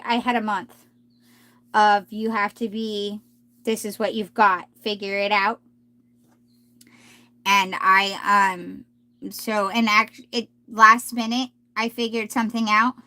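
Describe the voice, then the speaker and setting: A woman doing a live tarot reading, talking gently and reassuringly, often restarting her sentences. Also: mid-range voice, no echo. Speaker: tarot reader.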